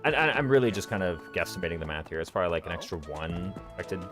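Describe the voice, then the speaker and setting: Fast-talking streamer with a Southern drawl. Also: male voice, sits low, lively intonation. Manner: rambling, thinking aloud, drops consonants. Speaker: streamer playing a strategy game. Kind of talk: casual gameplay commentary. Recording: game music playing underneath. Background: game music.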